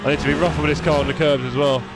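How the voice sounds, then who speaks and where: A man's voice: a little high, little pitch movement, very fast, loud music behind the voice. A man chatting casually while sim racing on a live stream, reading out chat. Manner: chatty, reads chat aloud while driving. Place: home sim racing rig.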